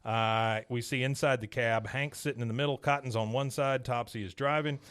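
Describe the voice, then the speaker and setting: A man hosting a podcast, recapping a cartoon episode in a casual, animated way and chuckling often. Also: medium pitch, fairly quick, clear, resonant tone. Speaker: podcast host.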